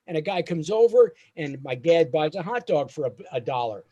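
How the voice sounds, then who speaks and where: High-voiced New man telling a story. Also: brisk, hardly any pauses. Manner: animated, acts out his father's lines in a higher voice. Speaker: stand-up comedian. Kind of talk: storytelling stand-up set. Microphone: video call.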